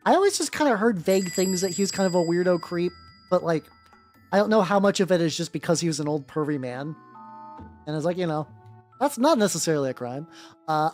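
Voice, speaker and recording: A miniature-painting streamer chatting casually and rambling through tangents while painting. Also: medium pitch. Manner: rambling and animated, full of fillers and tangents. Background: faint background music.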